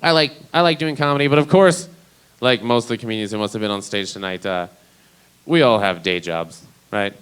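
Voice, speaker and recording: A man's voice: fairly low pitch, brisk, fairly bright tone, smooth, rough recording. A man doing a stand-up comedy set, talking in a rambling, profane, conversational way.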